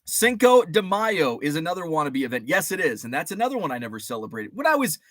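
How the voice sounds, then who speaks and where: A man's voice: a little high, sing-song, fast talker, fairly bright tone, no echo, clean studio sound. A man around forty hosting a casual livestream, rambling through memories, greeting chat viewers by name and swearing mildly. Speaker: host.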